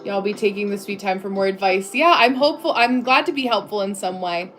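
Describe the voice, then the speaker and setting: Over music, a woman talks a little fast in a mid-range voice. The American livestream host sits at her home desk, chatting loosely with viewers, using lots of "like" fillers and laughing frequently.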